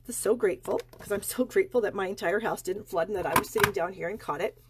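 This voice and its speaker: A middle-aged woman chatting and rambling casually as she hosts a card-making live stream from her home craft room. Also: mid-range voice.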